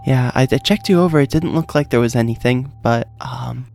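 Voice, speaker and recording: Halting filler-heavy male player. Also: mid-range voice, gravelly, darkish tone, soft background music. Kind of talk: casual tabletop play.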